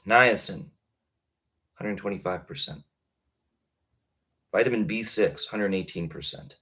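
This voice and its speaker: A man in his thirties talking casually on a live stream, rambling with many halting restarts. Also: low-pitched, expressive, pushed and bright, slightly rough. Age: 30s. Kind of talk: casual livestream talk.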